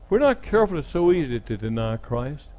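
A man's voice: fairly high pitch, very animated, fairly quick, dull audio. A middle-aged man preaching a sermon, retelling scripture dramatically and voicing the people in it. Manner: dramatic retelling, acting out speakers with sudden loud jumps.

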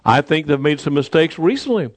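A man's voice: fairly high pitch, very animated, no echo. Earnest older man preaching. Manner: earnest storytelling preaching with pauses and repetitions. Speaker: pastor. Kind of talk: sermon.

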